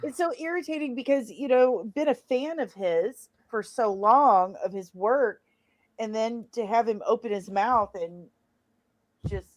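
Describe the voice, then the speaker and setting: St louis woman on a call, higher voice, dry close sound, sarcastic and fed up. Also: unhurried, no echo. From St. Louis, Missouri. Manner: ranting, sarcastic, exasperated. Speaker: live art stream participant. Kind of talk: casual chat.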